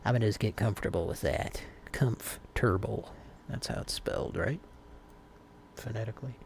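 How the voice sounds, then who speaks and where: Creaky-voiced man hosting a live stream. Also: lowish voice, a little fast, background noise. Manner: rambling, relaxed, with many fillers and restarts. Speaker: host of a live call-in stream. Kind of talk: casual live-stream chat.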